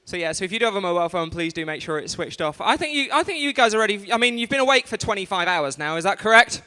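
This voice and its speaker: A man's voice: sits high, very animated, fast talker, pushed and bright, smooth. Chatty man compering in a hall. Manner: rambling, chatty, restarts and asides to the crowd. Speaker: event host and compere. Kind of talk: live stand-up compering. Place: large museum event hall. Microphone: stage microphone. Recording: reverberant hall on live stream.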